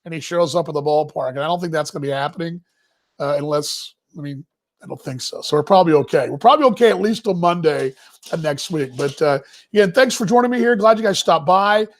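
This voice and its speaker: A man's voice: on the high side, quick pace. A man hosting a casual baseball live stream from his family home, rambling and folksy with many fillers. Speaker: baseball show host.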